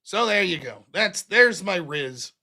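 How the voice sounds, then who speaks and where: Animated, profane American man telling stories. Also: high-pitched, measured pace, creaky. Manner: profane, animated, laughs often. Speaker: livestream host. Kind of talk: casual storytelling.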